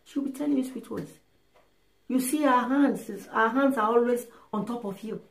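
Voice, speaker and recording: A woman's voice: fairly high pitch, moderate pace, creaky. Emphatic woman giving advice in an echoey room. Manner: emphatic, animated, acts out little dialogues. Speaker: relationship and sex advice speaker. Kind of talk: casual advice monologue. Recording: roomy echo.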